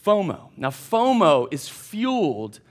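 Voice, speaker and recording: A man, a college pastor telling a casual, animated story in a sermon to young adults. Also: sits high, takes it slowly. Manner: folksy, animated, addresses crowd as y'all. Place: church hall.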